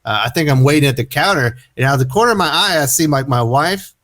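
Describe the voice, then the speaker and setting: A middle-aged man telling a story in casual chat, animated, acting out his own quotes loudly. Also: mid-range voice, fast talker. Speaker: guest.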